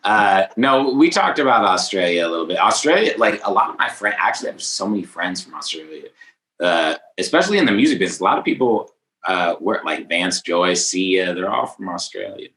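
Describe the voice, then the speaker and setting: A man from Northern Virginia, a music producer talking in a casual interview, excitable and self-deprecating. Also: low-pitched, a little fast, reverberant, rough recording.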